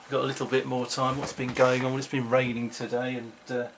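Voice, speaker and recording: A middle-aged man vlogs from home, chatting to the camera in a rambling, self-mocking manner. His medium-pitched voice is brisk with a level tone, and there is background noise.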